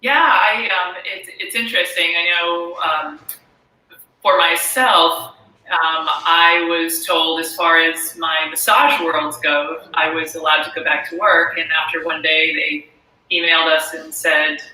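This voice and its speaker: Bright, rambling woman on an echoey call. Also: low voice, flat delivery, measured pace. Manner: rambling, many fillers and restarts. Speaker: guest massage and fitness therapist. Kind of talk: casual interview on a video call.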